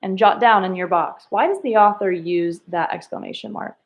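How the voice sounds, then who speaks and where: A woman's voice: medium pitch, lo-fi sound. Woman teaching a reading lesson. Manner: slow, emphatic questions to pupils, acting out quoted lines. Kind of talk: recorded remote reading lesson for children.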